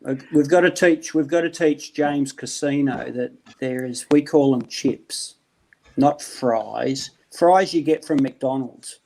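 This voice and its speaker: A man's voice: medium pitch, slow pace, vocal fry, darkish tone, poor audio. An Australian man co-hosting a live stream, telling rambling stories in casual chat and often trailing off mid-sentence.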